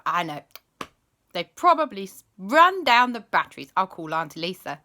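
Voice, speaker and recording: A woman's voice: mid-range voice, sing-song, normal speed, pushed and bright. A woman voicing a friendly, helpful male police officer with a Northern English accent who talks in a puzzled, musing way. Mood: resolving.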